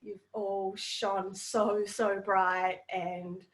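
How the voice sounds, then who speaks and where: A woman's voice: medium pitch, little pitch movement, extremely slow, low-quality recording. Emotional New Zealand woman on a call. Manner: heartfelt, gushing, swears casually. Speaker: network marketing team leader. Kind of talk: emotional testimonial on a group video call. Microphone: video call.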